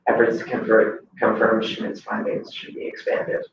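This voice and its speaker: A man's voice: fairly low pitch, monotone, normal speed, noisy background. Hesitant male student, far off in an echoey room. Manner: reading aloud and thinking out loud, hesitant. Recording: distant, very echoey classroom, dull sound.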